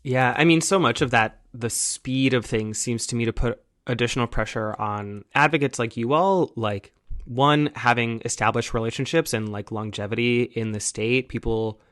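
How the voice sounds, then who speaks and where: A man's voice: mid-range voice, normal speed, fairly bright tone, no echo, studio quality. A man hosting a podcast interview, asking long, curious, rambling questions. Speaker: podcast host.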